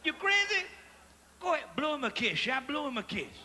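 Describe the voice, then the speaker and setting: A man putting on a high, scandalized voice for a Cajun wife, with a Cajun accent, in a reverberant theater. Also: very animated, a little fast, bright, forceful tone, slight background noise, full character voice. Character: indignant Cajun wife at a zoo. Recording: theater reverb, live hall.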